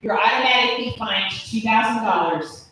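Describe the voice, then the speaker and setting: A woman in her fifties doing a stand-up comedy set, brash and profane with deadpan punchlines. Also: fairly high pitch, moderate pace. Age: 50s. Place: comedy club stage. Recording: echoey room from far off with noise.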